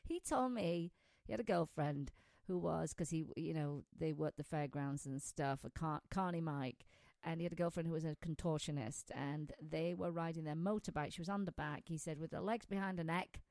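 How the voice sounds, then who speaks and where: A woman's voice: sits low, moderate pace, few pauses, a little mellow, no room sound. A woman hosting a pet-tips show in casual chat, talkative and laughing often as she wanders between stories. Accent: non-American, says it is her own.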